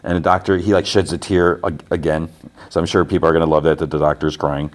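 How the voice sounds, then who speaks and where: Deep-voiced man rambling through a recap. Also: level tone, fast talker. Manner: rambling retelling, "he's like" quoting, many restarts. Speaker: podcast host. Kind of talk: casual TV episode recap.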